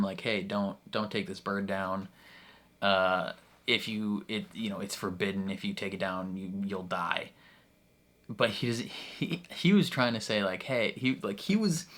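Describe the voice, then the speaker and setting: A man's voice: lowish voice, a bit bright. A man casually recapping a TV episode he watched, rambling with many restarts and getting heated. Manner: rambling, many restarts and fillers, laughs often, gets heated. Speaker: reaction video host.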